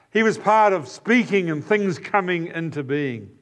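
A man's voice: high-pitched, expressive, measured pace, few pauses. A man preaching a sermon in an earnest, emphatic way, often repeating key phrases. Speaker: pastor.

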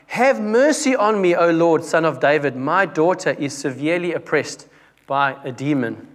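A young man preaching a conversational sermon, often dropping his voice to stress a point. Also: fairly high pitch. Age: young adult. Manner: conversational, with restarts and dramatic drops in volume.

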